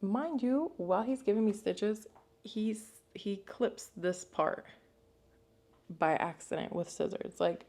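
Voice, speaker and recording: A young woman vlogger telling a casual story, chatty and animated, full of fillers and acted-out quotes, still shaken by what happened. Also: medium pitch, slow pace. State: upset and shaken.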